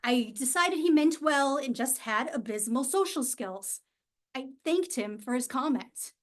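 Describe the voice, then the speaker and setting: A woman with a high voice delivers a humorous storytelling speech at an event. She is wry and self-mocking and leans on dramatic pauses and sighs. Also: lively intonation. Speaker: club speaker. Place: event hall.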